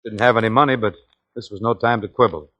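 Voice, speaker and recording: An actor playing a brash, fast-talking young American traveler and narrator in a 1940s film comedy. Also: male voice, lowish voice, fairly even intonation, a bit bright, no room sound, muffled recording. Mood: narrating. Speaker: straight man and narrator.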